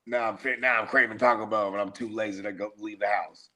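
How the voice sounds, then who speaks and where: A man's voice: lowish voice, steady tone, quick pace, bright, forceful tone. A middle-aged man, a podcast host, telling stories in loose, profane casual chat. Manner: profane, laid-back storytelling.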